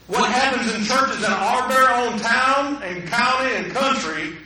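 A pastor preaching a sermon in a conversational way, often putting questions to the congregation, in a church sanctuary. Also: male voice, very high voice, measured pace, bright, forceful tone. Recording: echoey hall, mic at a distance.

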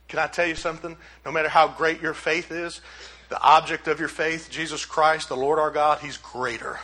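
A man's voice: high-pitched, lively intonation, moderate pace, pushed and bright, low-quality recording. A male pastor preaching a sermon in a conversational, emphatic way full of rhetorical questions.

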